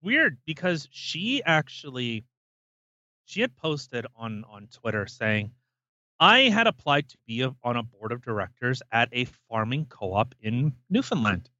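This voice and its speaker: A man's voice: medium pitch, very animated, a little slow, sharp tone, no echo, muffled recording. A man co-hosting a podcast, ranting emphatically and swearing freely in casual chat. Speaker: podcast co-host.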